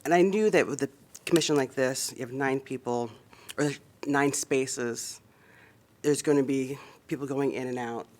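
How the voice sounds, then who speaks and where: A man speaks as a city commissioner at a public meeting, in a voice of middling pitch. His thanks come out halting and warm, broken by fillers and small laughs. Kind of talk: public meeting farewell remarks.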